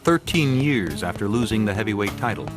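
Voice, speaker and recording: A man giving measured, scripted narration for a sports documentary. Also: lowish voice. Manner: measured, even storytelling delivery. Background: music bed.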